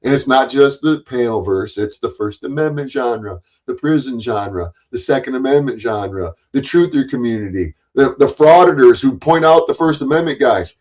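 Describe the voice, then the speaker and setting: A man's voice: medium pitch, expressive, normal speed, hardly any pauses, darkish tone, poor audio. A middle-aged man delivering an angry, profane rant to the camera as a YouTube commentator, taunting his targets, swearing heavily and stumbling over repeated words. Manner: confrontational, taunting, swears heavily, stammers on restarts.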